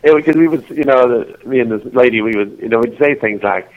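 A man's voice: mid-range voice, a little fast, hardly any pauses, narrow, tinny audio. A man being interviewed as an author, chatting casually and rambling with lots of restarts and giggles. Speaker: author guest.

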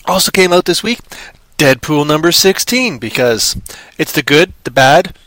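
A man's voice: on the high side, lively intonation, moderate pace, a bit bright, no echo. A man hosting a casual comic book show, talking in a chatty, jumpy, playful way and throwing in sound effects. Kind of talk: casual live-stream chat.

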